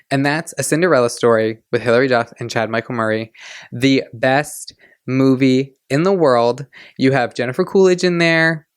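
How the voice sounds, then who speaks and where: A man in his twenties hosting a podcast, chatting in a gushing, excitable way. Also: medium pitch, smooth, no echo, clean studio sound. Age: 20s. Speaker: podcast host. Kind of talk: casual chat.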